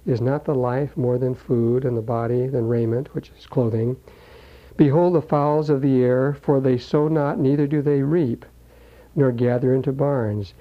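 A man preaching a sermon in a folksy, conversational way, slowing down to read scripture aloud. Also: medium pitch, fairly even intonation. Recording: dull lo-fi recording.

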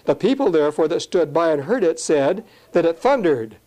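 Guy preaching a sermon, mellow kinda high voice, slows way down on scripture. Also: sing-song. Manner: earnest teaching tone, reads scripture slowly, asides in plain talk.

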